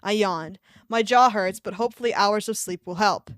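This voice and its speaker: A woman's voice: medium pitch, moderate pace, no echo, clean studio sound. A woman streamer reading fan fiction aloud on a live stream, often breaking off to laugh and react to her chat, with a desk microphone.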